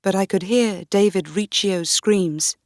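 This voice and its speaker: A woman narrating a graded reader for learners in a slow, deliberate, clear reading. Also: mid-range voice, darkish tone, no room sound, studio quality. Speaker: audiobook narrator.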